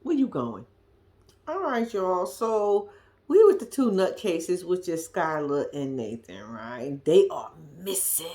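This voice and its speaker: Blunt, profane woman recapping TV. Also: on the low side. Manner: blunt, profane, animated, drops to a hush at times. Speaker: reality TV recap host. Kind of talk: casual commentary recap.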